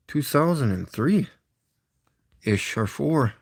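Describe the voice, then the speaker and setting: A middle-aged man with a Canadian accent chats casually with his live-stream viewers, rambling, chuckling and talking to the chat. His voice is medium-pitched, slow and creaky, recorded clean in a studio with no echo.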